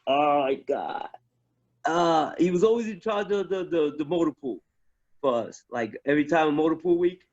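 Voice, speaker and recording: A fairly high-voiced man tells stories from his army days in a loose, profane chat, piling on restarts as he goes. The recording sounds dull and lo-fi. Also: moderate pace. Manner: profane, animated, many restarts. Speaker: guest, army veteran. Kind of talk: casual storytelling chat.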